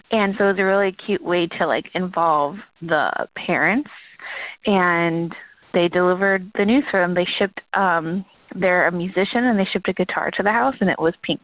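A woman calling in to a podcast with a chatty, excited voicemail message. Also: on the low side, no echo. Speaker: caller. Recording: phone line.

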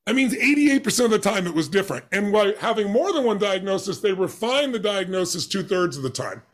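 A man's voice: high voice, lively intonation, a little fast. A man who is an interview guest, telling a personal story with animation and acting out the dialogue with emphatic voices.

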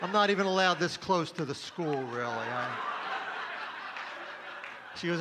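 A middle-aged man working a comedy stage with deadpan, offhand timing and crude punchlines. His voice sits a bit high for a man. Clear background noise from the live room sits under him. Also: a little slow. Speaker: stand-up comedian. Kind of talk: stand-up comedy set.

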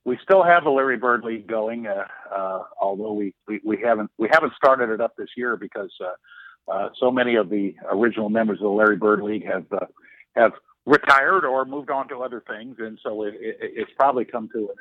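A man's voice: lowish voice, no echo. A sportswriter in his sixties, telling an anecdote as a guest with lots of restarts and fillers. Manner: halting, frequent restarts and fillers. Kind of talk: storytelling anecdote in interview. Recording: tinny phone line.

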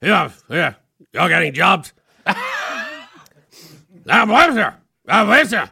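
A man doing a gruff coach. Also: sing-song, slow, bright, forceful tone, heavily acted. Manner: gruff, low and mumbling. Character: gruff southern football coach, middle-aged.

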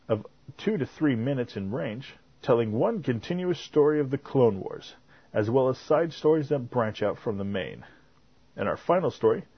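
A man's voice: mid-range voice, slightly rough, dry recording. A man hosting a fan podcast, reading the news in a chatty way. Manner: chatty, fumbles clips. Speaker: podcast host. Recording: dry, slightly muffled audio.

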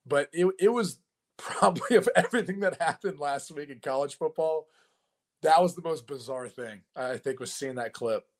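A man in his thirties hosting a laid-back sports show, with a voice a touch higher than most men's. He talks in loose, rambling sentences, full of fillers and quick laughs. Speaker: host. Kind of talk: casual sports chat.

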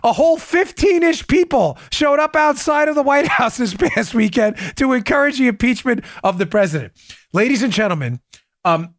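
A male podcast host with a high, lively voice that leaps up and down as he drives each point home. He talks straight to his listeners, repeats key phrases for punch and breaks into laughter often. The sound is close and dry, with no room around it. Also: no room sound. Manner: addresses listeners as "folks". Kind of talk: political commentary podcast.

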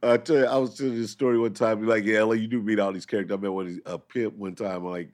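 A man's voice: lowish voice, steady tone, fast. A man, a comedian, telling a story in casual chat and voicing the people in it. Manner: laid-back, drops into loud impressions.

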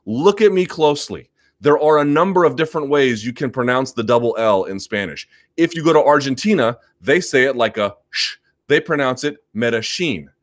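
A man's voice: medium pitch, animated, fairly quick. A male host of a sports live chat, answering viewer comments in an emphatic, argumentative way and repeating his points.

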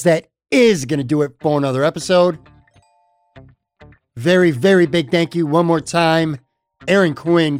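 A man hosting a sports podcast, signing off in a chatty, upbeat way and repeating himself often. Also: on the high side. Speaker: podcast host. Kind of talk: casual podcast outro.

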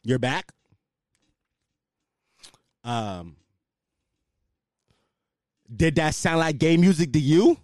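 A man's voice: fairly high pitch, lively intonation, very slow, long pauses, darkish tone, dry recording, clean studio sound. A man hosting his own podcast, ranting in a loose, slangy, casual way. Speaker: podcast host. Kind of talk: casual solo podcast rant.

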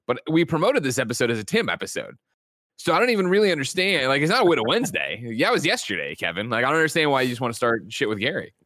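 A man hosting a daily games talk show, energetic and joking, swearing casually. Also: mid-range voice, racing, no room sound, studio quality. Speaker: host. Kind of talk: casual show banter and show intro.

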